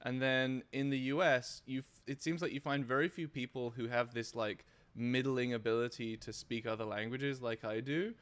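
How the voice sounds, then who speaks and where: A man, a guest in a casual live-stream interview, talking in halting bursts with restarts and casual swearing. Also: mid-range voice, steady tone, fairly bright tone, smooth. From United Kingdom. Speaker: guest, former streaming platform engineer.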